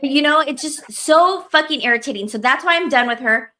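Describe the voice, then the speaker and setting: A woman with a bright, slightly high voice rants in a casual podcast chat. She is heated and profane and leans on "like" all the time. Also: animated, a little fast. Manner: heated, profane, lots of "like" fillers. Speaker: podcast co-host.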